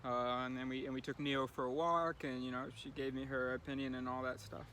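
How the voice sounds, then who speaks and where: A man's voice: mid-range voice, level tone, brisk, bright, forceful tone, slight background noise. A man recording a casual daily video diary, rambling and thinking aloud with lots of fillers. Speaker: vlogger.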